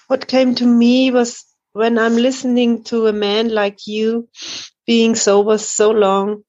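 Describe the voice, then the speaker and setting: A woman sharing at a recovery meeting, halting and searching for her words. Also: a little high, darkish tone, no room sound, dull audio.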